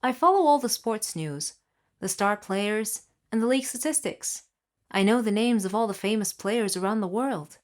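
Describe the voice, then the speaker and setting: Brief: young adult woman, chatty storybook narrator, mid pitch. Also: animated, moderate pace. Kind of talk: scripted first-person story narration.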